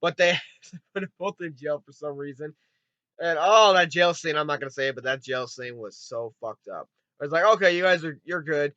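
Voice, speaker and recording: A man giving a rambling, excitable spoken movie review, swearing often and retelling scenes with quick put-on voices. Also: fairly high pitch, no echo, lo-fi sound. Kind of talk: casual spoken film review.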